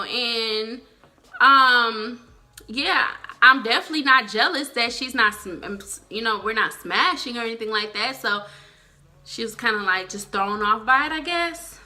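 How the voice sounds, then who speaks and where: A woman's voice: fairly high pitch, unhurried, sharp tone. A woman, recapping a reality show in a blunt, exasperated vlog style and swearing freely. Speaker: TV show reviewer.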